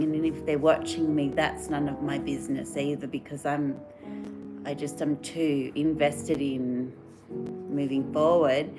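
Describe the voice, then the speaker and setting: A woman chats on a livestream in a low, unhurried voice, rambling earnestly and answering viewer comments. Music plays clearly in the background. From Australia. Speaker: livestream host. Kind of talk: casual live-stream chat.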